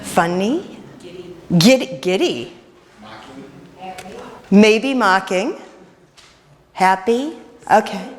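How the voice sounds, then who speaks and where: A woman minister leading an interactive sermon, chatty and playful with quick jokes, in a church. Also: mid-range voice, expressive. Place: church sanctuary. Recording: reverberant church hall.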